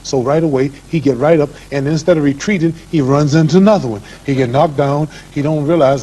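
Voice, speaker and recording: A man's voice: a little high, a little fast, few pauses, warm tone. Boastful man in hissy archive footage. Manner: boastful, preachy, rhythmic lecturing. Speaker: boxing champion being interviewed. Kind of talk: archival TV interview talk. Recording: hissy old archive TV recording.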